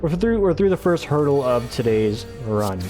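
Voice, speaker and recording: A man's voice: mid-range voice, big pitch swings, normal speed, dark tone, faint music behind. A man casually commentating his own game playthrough, rambling, tripping over his words and swearing offhandedly. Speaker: let's play host.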